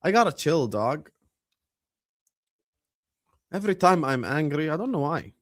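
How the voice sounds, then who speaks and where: Young guy on a football watchalong stream, super animated voice, yelling at the big chances. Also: fairly high pitch, measured pace. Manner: animated, bursts into loud shouts at match moments, banters with chat. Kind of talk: casual live-stream chat and match commentary.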